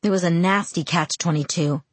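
Woman narrating an audiobook in a husky voice. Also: on the low side, moderate pace, dry recording. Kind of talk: first-person audiobook narration.

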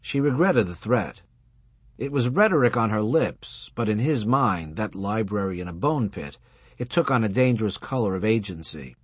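A man narrating an audiobook in a measured, expressive storytelling way. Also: on the low side, slightly rough, no echo. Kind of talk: scripted narration.

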